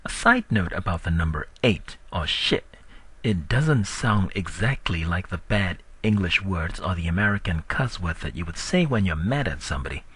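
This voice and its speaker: A man teaching a recorded language lesson, drilling words slowly and patiently. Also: breathy edge. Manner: slow, patient drilling with lively pitch.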